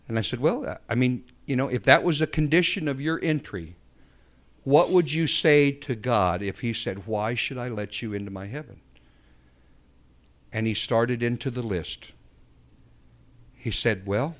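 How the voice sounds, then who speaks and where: A man's voice: mid-range voice, animated, normal speed. A man preaching a sermon, telling a story and then building to fervent emphasis. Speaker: pastor.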